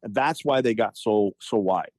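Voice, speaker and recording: A man's voice: fairly low pitch, moderate pace, no echo. Fifties guy spinning locker room stories, stumbles and restarts a lot, dry close mic. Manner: animated anecdotes, frequent restarts and profanity in quotes. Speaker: guest, former hockey player. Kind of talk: casual storytelling chat.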